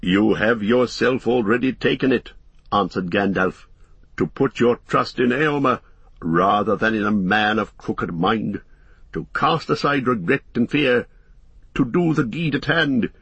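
A man reading an audiobook voices an old wizard giving grave, measured counsel. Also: on the low side, fairly bright tone, breathy edge, no room sound, dull audio, exaggerated voice. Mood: counselling.

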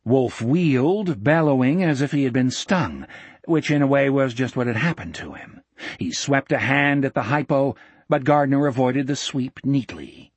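A male narrator reads a novel with measured, dramatic storytelling. His voice is husky and unhurried, sitting at an ordinary pitch. The recording is dry and close, like a studio mic. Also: no room sound. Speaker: audiobook narrator. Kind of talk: scripted narration.

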